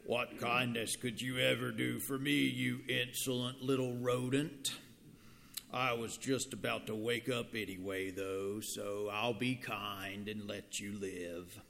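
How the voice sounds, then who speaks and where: A man voicing a proud male lion, king of the jungle, speaking slowly and haughtily, with long church reverb. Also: medium pitch, steady tone, gravelly, fairly bright tone, a little hiss or hum. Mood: haughty. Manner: haughty, slow.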